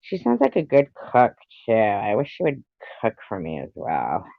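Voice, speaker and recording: Gravelly and on the low side, this man's voice swoops wildly in pitch at a moderate pace as he hosts a livestream, rambling in casual chat with his audience and swearing at his pets between topics. There's no room sound, and the highs are cut off.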